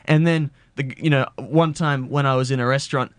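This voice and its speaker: A man's voice: mid-range voice, fairly even intonation, a little fast, clean tone, dry recording. An Australian man co-hosting a radio show, ranting in a playful, mock-indignant way. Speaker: radio co-host. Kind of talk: casual radio banter.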